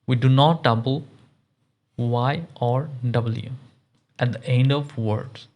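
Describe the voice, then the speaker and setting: Guy teaching english grammar, reads word lists super slow, medium voice. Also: medium pitch, a little mellow. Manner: reads word lists in a measured, deliberate cadence. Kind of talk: slow scripted grammar lesson.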